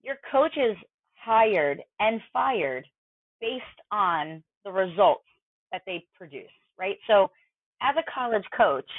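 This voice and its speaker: A woman's voice: mid-range voice, no echo. Woman coach on a tinny line. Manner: conversational, explanatory, filler-heavy. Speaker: mental performance coach. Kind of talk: podcast interview guest. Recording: dry tinny phone-like line.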